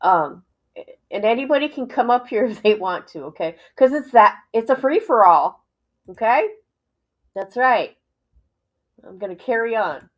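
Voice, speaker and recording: Exclaiming woman streamer, slightly high. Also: expressive, measured pace, pauses often, rough recording. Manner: exclaiming, laughing in disbelief. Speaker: livestream host. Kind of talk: casual reaction commentary.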